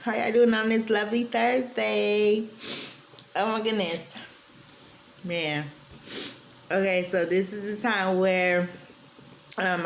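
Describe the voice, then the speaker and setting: A woman's voice: medium pitch, slight background noise. Young woman rambling through a storytime. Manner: rambling, lots of fillers and restarts, heated at times. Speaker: vlogger telling a story. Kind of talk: casual storytime monologue.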